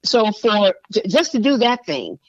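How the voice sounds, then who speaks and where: This podcast guest, a woman veteran and state senator, speaks a little slowly in a mid-range voice with big pitch swings. Passionate and repeating phrases for emphasis, she's captured on a dull, dry lo-fi recording with no room sound.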